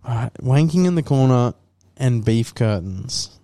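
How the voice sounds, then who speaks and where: A young man co-hosting a casual podcast, joking along with quick comic asides. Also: mid-range voice, expressive, warm tone, no room sound. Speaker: podcast co-host. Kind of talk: casual chat.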